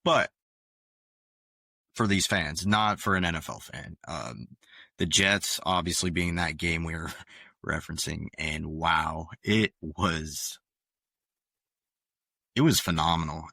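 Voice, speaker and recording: A man co-hosting a sports podcast in casual chat, talking in a measured, hesitant way with many fillers. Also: low voice, vocal fry, pushed and bright, dry recording, clean studio sound. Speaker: podcast co-host.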